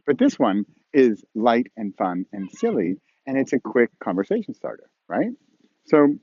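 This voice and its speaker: An animated man teaches a writing lesson outdoors, playfully acting out voices and questions with a lively, swooping pitch. The sound is dry and a little dull, as if from a small camera mic. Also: no echo. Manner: playful, acts out tones and imagined dialogue. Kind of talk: casual outdoor video lesson. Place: outdoors on a snowy slope with skiers passing.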